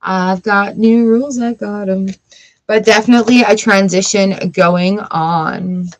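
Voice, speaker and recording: A woman's voice: medium pitch, fairly even intonation, a little slow, rough recording. A middle-aged woman runs a live card reading, chatty and reassuring. She speaks straight to her viewers in an easy, everyday voice. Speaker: tarot reader.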